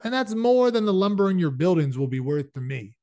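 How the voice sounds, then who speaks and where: A man's voice: mid-range voice, animated, a little fast, no echo, close to an everyday voice. A man reading aloud and voicing a scheming male rancher who talks in a polite but dismissive way.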